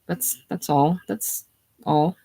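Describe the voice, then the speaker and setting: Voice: medium pitch, steady tone, takes it slowly, creaky, mellow, husky, heavily acted. A reader doing a shaky, defensive young husband. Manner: defensive, gloomy. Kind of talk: casual play reading.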